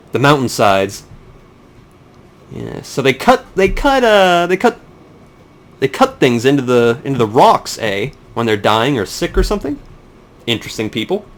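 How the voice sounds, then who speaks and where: A young man giving rambling, sarcastic, profane commentary while playing a game. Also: mid-range voice. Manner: rambling, sarcastic, swears a lot. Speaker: let's play commentator. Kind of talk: casual gameplay commentary.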